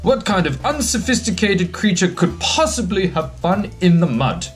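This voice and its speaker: A man's voice: sits high, sing-song, normal speed, faint music behind, voice pushed up. A man voicing a pompous, snooty male flamingo with a sneering, haughty manner in a storybook reading.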